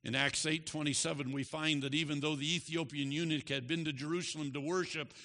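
A man preaching a sermon, moving from quiet emphasis to loud, passionate preaching. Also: fairly high pitch, fairly even intonation, fairly quick, big-room sound.

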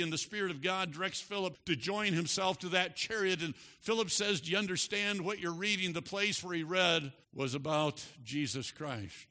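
A man preaching a sermon, moving from quiet emphasis to loud, passionate preaching. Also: a little high, big-room sound.

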